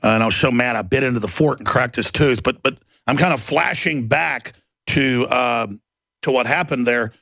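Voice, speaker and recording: Gravelly ranting talk radio host man. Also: medium pitch, normal speed, bright, forceful tone, no echo. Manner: ranting, storytelling, acts out quoted voices.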